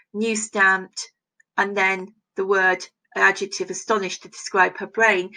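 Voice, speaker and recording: A woman's voice: mid-range voice, sharp tone. A woman teacher, walking through a text line by line in a recorded distance-learning lesson and often asking "isn't it?". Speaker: English teacher.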